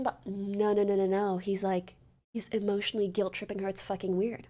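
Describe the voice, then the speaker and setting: A woman hosting a casual livestream chat. She recaps a story to her viewers in an animated way, swears freely and acts out the lines she quotes. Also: medium pitch, normal speed. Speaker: livestream host.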